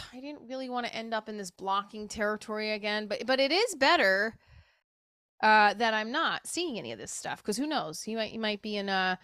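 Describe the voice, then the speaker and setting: A woman's voice: medium pitch, animated, normal speed, a bit bright, dry recording. Candid rambling woman, dry close sound. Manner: rambling, emotional, swears casually. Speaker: show creator talking to camera. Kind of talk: candid personal monologue.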